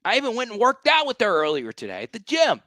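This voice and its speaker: Male fan-show host, hyped rant, very lively delivery, dry close sound. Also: sits high, quick pace, no room sound. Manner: hyped, animated, repeats himself for emphasis. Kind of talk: fired-up livestream fan rant.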